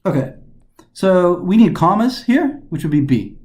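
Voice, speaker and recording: A man's voice: high-pitched, sing-song, a little slow, a little mellow, reverberant. A man teaching a recorded prep lesson, explaining answers step by step with frequent restarts. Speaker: test prep instructor.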